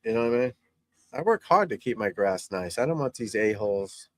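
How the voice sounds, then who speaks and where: A man's voice: on the low side, animated, fairly quick, fairly bright tone, no echo. A middle-aged man, a golf instructor, chatting casually and bluntly while watching golf on TV, rambling and swearing freely. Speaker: golf instructor and channel host.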